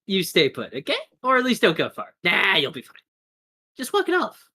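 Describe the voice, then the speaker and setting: A woman's voice: mid-range voice, huge pitch swings, normal speed, sharp tone, husky, voice pushed up, exaggerated voice. A woman voicing a cruel villainess who mocks a wounded man in a breezy, dismissive way. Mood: mocking.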